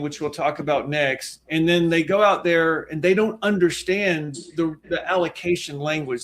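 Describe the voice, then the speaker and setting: A financial planner co-hosts a webinar presentation, his fairly high male voice carrying a little hiss or hum. He's emphatic and folksy, talking with his hands as if on a soapbox.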